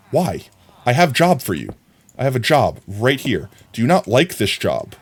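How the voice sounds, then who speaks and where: A man's voice: medium pitch, wildly swooping pitch, moderate pace, slightly rough. A man streaming a block-building game live, chatting to his viewers and scolding the characters on screen in a playful, teasing way. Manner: talks to game characters, mock scolding, jumps between mutters and outbursts. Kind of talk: casual gaming commentary.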